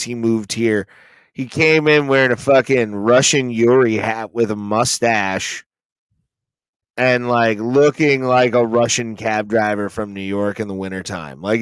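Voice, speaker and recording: A man chatting on a podcast, swearing freely as he tells stand-up stories from the road. His voice is smooth and resonant. The sound is dry and close to the mic. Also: mid-range voice, a bit bright, dry recording. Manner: profane, storytelling, acts out quotes in silly voices. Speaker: podcast co-host and stand-up comic. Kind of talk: casual chat.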